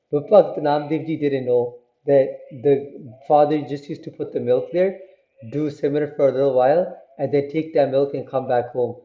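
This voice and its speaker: A man's voice: medium pitch, moderate pace. A man telling a religious story in a casual, conversational way, checking in with listeners as he goes. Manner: conversational, many fillers and "right?" check-ins. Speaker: storyteller for a Sikh teaching channel. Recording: roomy, dull lo-fi sound.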